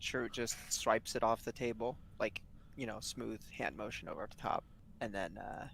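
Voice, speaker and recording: A man's voice: fairly low pitch, moderate pace, vocal fry, a bit bright, a little hiss or hum. A man chatting casually as a player in a tabletop game, wry and offhand.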